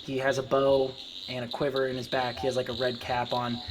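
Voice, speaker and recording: A game master man describing scenes in a loose, rambling way full of "like" and "um". Mid-pitched voice with faint crickets and insects in the background. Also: completely flat delivery, brisk, background noise. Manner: rambling, filler-heavy narration. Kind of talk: narrating a tabletop game.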